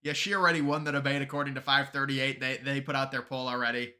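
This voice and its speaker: A man's voice: medium pitch, flat delivery, fast talker, sharp tone. A man hosting a live stream, chatting casually and sarcastically about politics with many restarts.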